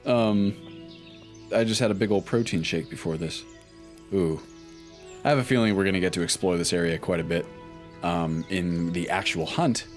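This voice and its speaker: A man with a very low voice giving easygoing let's play commentary, musing aloud and pausing with ums as he plays. Faint game music runs under his talk. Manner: relaxed, thinking aloud with frequent ums. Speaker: gaming YouTuber.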